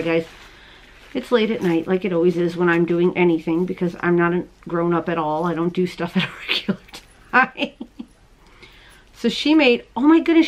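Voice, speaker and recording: A woman's voice: on the low side, a little hiss or hum, poor audio. Bubbly chatty woman podcast host. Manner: bubbly, chatty, gushes over small things. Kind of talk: casual chat showing mail and gifts on camera. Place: home, late at night. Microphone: camera she handles while showing items.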